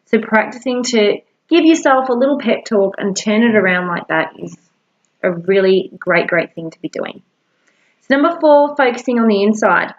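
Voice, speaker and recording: A woman's voice: medium pitch, lively intonation, normal speed, highs cut off. A woman giving casual, encouraging self-help advice to camera in a chatty way. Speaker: wellness coach.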